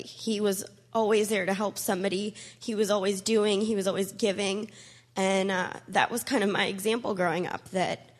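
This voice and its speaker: A woman's voice: medium pitch, slightly rough. A young woman giving a personal testimony, emotional and close to tears. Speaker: church member sharing a testimony.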